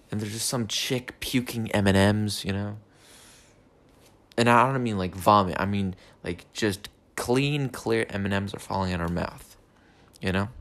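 Rambling, profane young man ranting. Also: fairly low pitch. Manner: meandering, profane ranting with many fillers. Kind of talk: rambling casual monologue. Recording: faint background noise.

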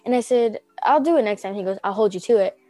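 A teenage girl co-hosts a podcast in a mid-range, mellow voice, talking fast over faint background music. She rambles casually through anxious stories, saying "like" constantly and acting out quotes.

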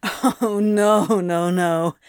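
Woman reading as sarcastic male demon, dry drawl, unhurried, close dry sound. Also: medium pitch, no echo, close to an everyday voice. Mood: sardonic. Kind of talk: audiobook fan fiction reading.

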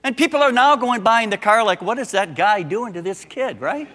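Older pastor preaching in an echoing hall. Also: male voice, high voice, fairly quick. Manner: animated storytelling, acting out quoted voices. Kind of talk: sermon.

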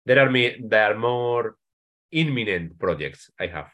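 A man with a Spanish accent talks in a somewhat low voice, stopping and restarting often as he reaches for English words. He speaks as a guest author in a relaxed interview. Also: lo-fi sound. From Spain. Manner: halting, many restarts and repeated words. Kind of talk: casual interview chat.

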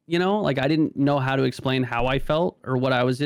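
A man's voice: mid-range voice, brisk, clear, resonant tone, dry recording, clean studio sound. A man talking casually as a podcast guest, stammering and restarting often, with many "like" fillers. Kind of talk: casual conversation.

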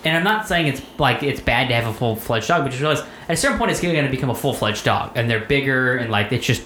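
A man's voice: mid-range voice, fast. A man spins a long, rambling story in casual chat, swearing freely and restarting his sentences. His voice carries in an echoey room. A faint hiss sits under it. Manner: profane, rambling, animated.

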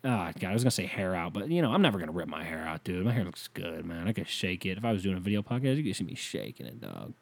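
A man's voice: low voice, very animated, fast, vocal fry, few pauses. Rambling, profane young male podcaster. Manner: rambling, profane, sarcastic rants. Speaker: podcast host. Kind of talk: casual solo podcast monologue. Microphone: desk microphone with pop filter.

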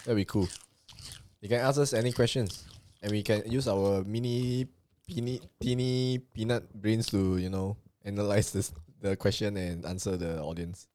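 A man's voice: lowish voice, normal speed, dark tone, no room sound. A man co-hosting a casual talk show, easygoing and self-mocking. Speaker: co-host. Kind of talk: casual chat.

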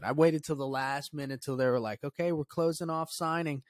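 A young man hosting his own podcast, telling a story in a loose, profane, rambling way and dropping to a low mutter when he quotes his own thoughts. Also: fairly quick, hardly any pauses, no echo. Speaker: podcast host. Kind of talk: casual solo podcast storytelling.

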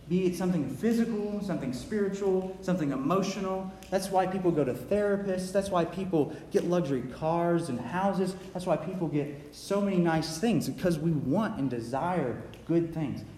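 A man's voice: fairly high pitch, mellow, slight background noise. A man preaching a sermon in an earnest, repetitive way, often stumbling and restarting his sentences. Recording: echoey hall, faint ambience.

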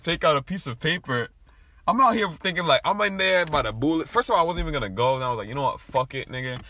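Bright-voiced young man telling a story. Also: mid-range voice, dry recording. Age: young adult. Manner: profane, animated storytelling with big laughs. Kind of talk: casual chat, storytelling.

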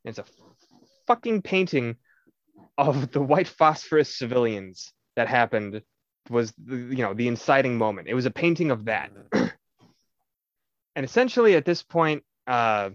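Animated swearing young man telling a story. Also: mid-range voice, moderate pace, pauses often, no room sound. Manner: animated storytelling, swears a lot, acts out quotes. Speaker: podcast co-host. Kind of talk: casual chat. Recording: slightly dull, dry recording.

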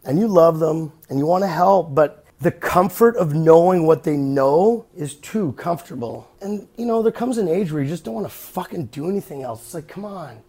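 Casual podcast host, male, high-voiced, swears freely, acts out quick mock voices. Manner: blunt, profane, animated, slips into mock voices.

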